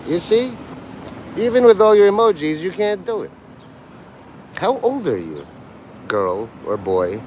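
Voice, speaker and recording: A male streamer from New York City talks to his chat in an abrasive, taunting and erratic way. His pitch swings widely up and down. A faint hum of city traffic sits behind him on the street. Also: very animated, a little slow, pauses often, darkish tone, low-quality recording. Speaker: livestreamer talking to his chat. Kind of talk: rambling live-stream chat.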